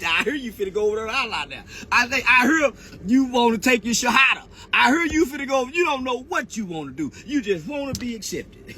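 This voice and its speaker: A man's voice: sits high, pushed and bright, slight background noise. A man on a long mocking rant, taunting his target with jeers and animal noises. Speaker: commentator.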